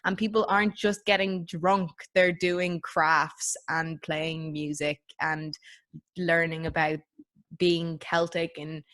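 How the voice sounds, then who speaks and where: A woman's voice: low-pitched, flat delivery, slow, a bit bright. Chatty Irish woman hosting a podcast. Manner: chatty, eager reactions. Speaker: podcast host. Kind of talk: casual podcast chat.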